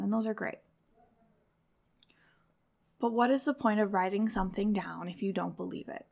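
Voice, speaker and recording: A woman's voice: mid-range voice, gravelly. A woman hosting a podcast for mothers, giving a direct, encouraging motivational talk in a conversational way. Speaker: podcast host.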